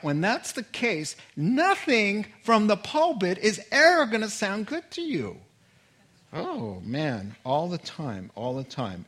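A man preaching a sermon, telling stories with animated quoted voices and frequent laughter. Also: fairly high pitch. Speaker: pastor.

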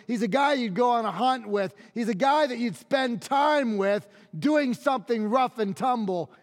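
A male pastor preaching a sermon with emphatic delivery, dropping low and quiet on key phrases. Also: long reverb tail.

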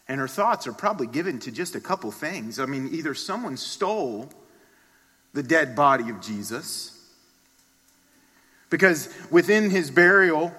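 A man preaching a sermon, telling a story dramatically and swinging from hushed passages to loud ones. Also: a little high. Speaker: pastor. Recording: long reverb of a large hall.

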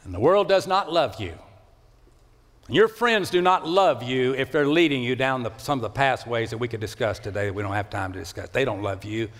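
A male pastor delivers an impassioned sermon, climbing to loud, high calls before sinking to hushed, low phrases. His mid-range voice rings with the long reverb of a church sanctuary. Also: brisk.

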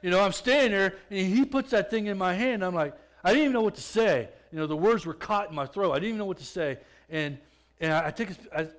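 A man giving a personal testimony in a conversational way, often restarting his words and growing louder as the story builds. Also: high-pitched, fast. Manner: conversational, repeats and restarts words, swells louder when excited.

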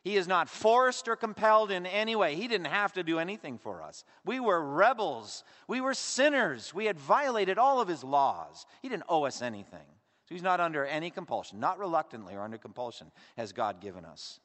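A man preaching a sermon as pastor, swinging between emphatic lines and hushed asides. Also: on the high side, big pitch swings, brisk, long reverb tail.

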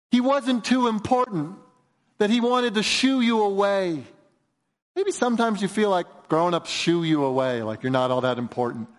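A male pastor preaching an earnest, emphatic sermon in a church, moving between raised and hushed delivery. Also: fairly high pitch. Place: church sanctuary. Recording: reverberant church hall.

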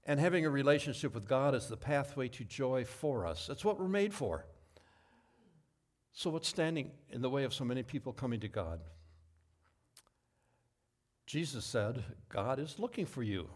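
A man giving a sermon as pastor, telling stories in a relaxed, folksy way with asides and self-corrections. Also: medium pitch, normal speed, long pauses.

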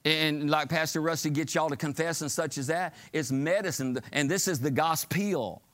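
A man's voice: fairly high pitch, normal speed. A man preaching a fervent sermon, asking the congregation for call-and-response amens. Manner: fervent, shouting climaxes, call-and-response asides.

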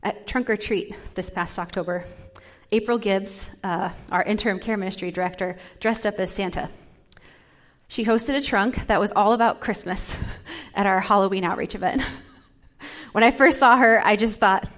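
A woman pastor giving a sermon, talking softly and dropping into whispers to stress her points. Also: medium pitch, moderate pace. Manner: soft, drops into whispers for emphasis.

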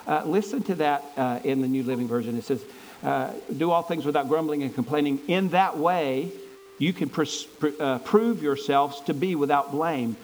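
A man's voice: on the high side, moderate pace, a little mellow, slight background noise, rough recording. A man preaching a sermon in an earnest, conversational way, stumbling and restarting as he reads and explains scripture. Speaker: pastor.

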